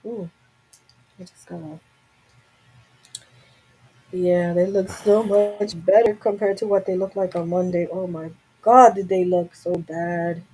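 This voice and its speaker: A woman's voice: on the low side, little pitch movement, measured pace, pauses often, dark tone, a little hiss or hum, poor audio. A young adult woman hosting a casual live chat from home, talking candidly and rambling to her viewers through a webcam mic. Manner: candid, rambling, talks to herself. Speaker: live stream host.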